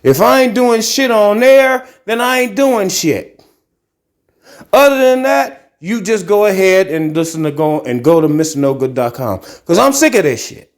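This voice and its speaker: A middle-aged man from Ohio rants as a podcast host, blunt and full of profanity. His voice sits slightly high for a man and swings widely in pitch as he gets worked up. He talks while walking around his carpeted apartment. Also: normal speed. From Akron, Ohio. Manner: animated ranting, profane and blunt. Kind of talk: casual monologue vlog. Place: carpeted apartment living room, walking into tiled kitchen.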